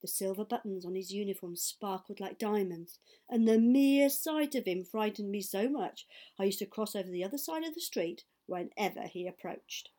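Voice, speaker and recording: A woman narrates a storybook aloud. Her reading is measured and expressive, at an ordinary pitch. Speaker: audiobook reader.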